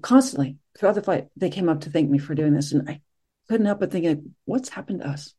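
Middle-aged meditation teacher, warm mellow tone, soft-spoken, gentle, reflective, unhurried pauses. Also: medium pitch. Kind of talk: reflective dharma talk after a sit.

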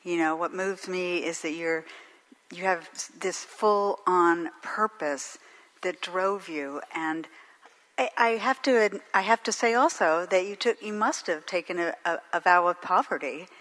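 A woman's voice: fairly low pitch, measured pace, a bit bright, low-quality recording. A woman from the audience speaking earnestly and a bit hesitantly. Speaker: audience member asking a question. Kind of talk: casual question from the audience.

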